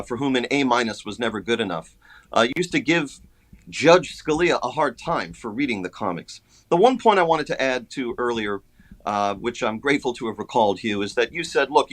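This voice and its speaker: A male author on a radio interview, his voice at a middle pitch. He answers at length, measured and thoughtful, filling his pauses with hesitations. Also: fairly bright tone. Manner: measured, hesitant, many fillers. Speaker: author guest.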